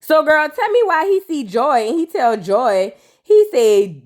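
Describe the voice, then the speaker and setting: A woman's voice: high-pitched, sing-song, unhurried. A woman hosting a casual, comedic recap of a reality TV episode, sassy and chatty, acting out the people she quotes.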